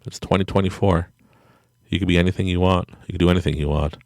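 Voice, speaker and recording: A middle-aged man hosts a podcast from home at night, giving a rambling, self-deprecating motivational monologue and laughing often. His deep, darkish voice has fairly even intonation and a quick pace, in clean studio sound with no room sound.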